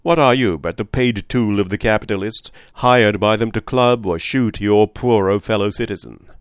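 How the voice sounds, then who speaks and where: A man's voice: lowish voice, normal speed, smooth, no echo, clean studio sound, lightly acted. A man voicing a cold, scornful middle-aged saloon boss.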